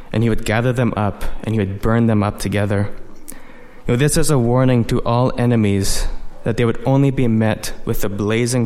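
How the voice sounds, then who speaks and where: A man's voice: medium pitch, a little mellow, big-room sound. A man preaching a sermon, explaining scripture verse by verse in an earnest manner with frequent "you know".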